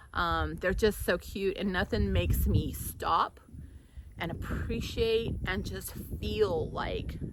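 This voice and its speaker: A middle-aged woman, a mother who co-runs an animal sanctuary, talks in a casual, rambling and emotional way, full of restarts and small laughs. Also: on the low side. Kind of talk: casual conversational chat. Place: farm sanctuary. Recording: loud background noise.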